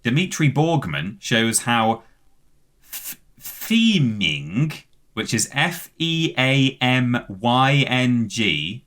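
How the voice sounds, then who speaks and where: A man's voice: mid-range voice, very animated, drawn-out words, a bit bright. A British man co-hosting a podcast, casually reading out facts at length with many "um"s and words spelled letter by letter. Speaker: podcast co-host.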